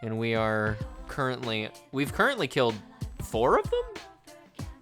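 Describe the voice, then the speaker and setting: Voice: mid-range voice, wildly swooping pitch, a little slow, fairly bright tone, soft background music. A streamer chatting casually through a live game stream, joking and swearing offhand.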